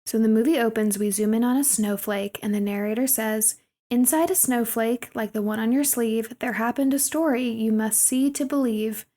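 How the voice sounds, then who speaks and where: A woman's voice: a little high, steady tone, normal speed, mellow. A woman co-hosting a podcast, chattily retelling a movie scene by scene. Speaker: podcast co-host. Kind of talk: casual podcast movie recap.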